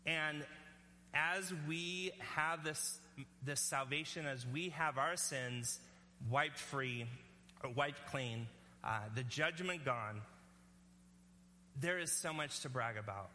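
A man's voice: a little high, slow, pushed and bright, long reverb tail, a little hiss or hum. A male pastor preaching a sermon in an earnest, conversational way, often checking in with the congregation.

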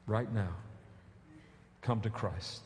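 A man's voice: fairly low pitch, slow, a little mellow, a little hiss or hum. A man pastor preaching a sermon, earnest, with emphatic pleading appeals and casual asides. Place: church sanctuary. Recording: echoey church hall.

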